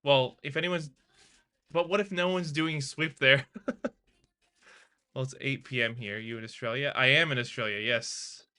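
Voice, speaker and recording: Man, casual live streamer, bright and chatty, reacts to his chat. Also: mid-range voice, normal speed, long pauses, smooth. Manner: chatty, laughing, talks to viewers and reads their chat aloud. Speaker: live streamer learning to code.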